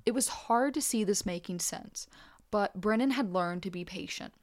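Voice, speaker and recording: Woman co-host, mid-range voice, steady measured reader of a nonfiction account. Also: medium pitch. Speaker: podcast co-host. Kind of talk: reading a nonfiction account aloud.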